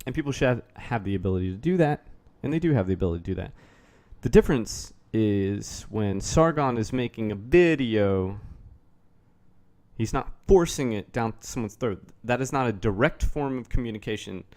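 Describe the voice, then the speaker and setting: A man's voice: on the low side, animated, normal speed, a little mellow. Sardonic, foul-mouthed man ranting. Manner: sardonic, profane, rambling. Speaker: YouTube commentator. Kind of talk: casual commentary rant.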